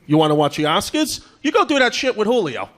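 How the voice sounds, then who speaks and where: A male comedian putting on the voice of his blunt older father, who gets words wrong and speaks in a gruff, deadpan, accusing way. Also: high voice, fast, slight background noise, pitched above the performer's own voice.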